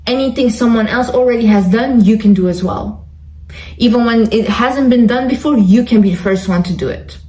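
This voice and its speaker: A woman's voice: fairly high pitch, normal speed, dark tone, echoey room, low-quality recording. A woman talking straight to her viewers in a motivational monologue, direct and emphatic, repeating lines for stress. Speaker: online self-help creator.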